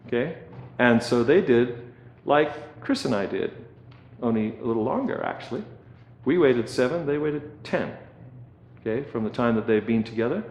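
A man's voice: medium pitch, normal speed, a little mellow, reverberant. A man preaching a sermon as pastor, conversational, often checking in with "okay" and repeating words as he goes.

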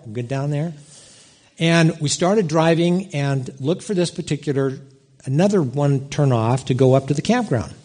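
Animated middle-aged preacher, fairly high voice. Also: male voice. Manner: animated storytelling, big swings in pitch. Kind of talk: sermon with personal story.

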